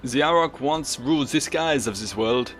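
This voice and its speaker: A man's voice: mid-range voice, normal speed, fairly bright tone, soft background music, natural voice. A man voicing a solemn exiled male bird-folk warrior in a put-on French accent for a video game let's play. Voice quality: accent degrading as it goes.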